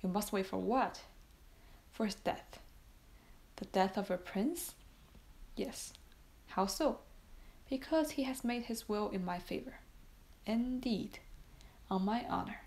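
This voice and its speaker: A woman narrates a classic novel as an audiobook, reading both sides of a dialogue without strong character voices. Her voice has a creaky, gravelly edge at a middle pitch, and she now and then stumbles and corrects a word. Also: slow, long pauses, a little mellow. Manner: reads every part in much the same voice, small slips. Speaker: audiobook reader.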